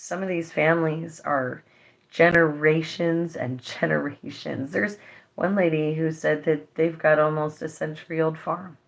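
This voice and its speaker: A woman speaking to her viewers in an earnest, impassioned vlog update. Her voice carries a gravelly, creaky edge, and she sounds emotional, as if holding back tears. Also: deep voice, fairly even intonation, measured pace. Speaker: vlogger. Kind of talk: direct-to-camera vlog update.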